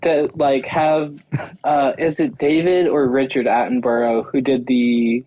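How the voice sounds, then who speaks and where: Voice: mid-range voice, flat delivery, unhurried, no echo, narrow, tinny audio. Hesitant young voice, dry close sound. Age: young adult. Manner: hesitant, fills with uh and like. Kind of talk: casual chat.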